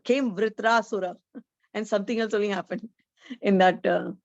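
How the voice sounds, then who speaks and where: A woman's voice: mid-range voice, steady tone, normal speed, gravelly, a little mellow, dry recording, lo-fi sound. A woman giving an online scripture lecture, explaining each point earnestly, like a teacher.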